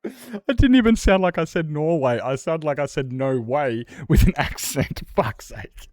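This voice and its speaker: A man's voice: fairly high pitch, animated, normal speed, darkish tone, no echo, clean studio sound. A young Australian man chatting casually on a livestream, swearing freely and laughing often. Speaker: streamer.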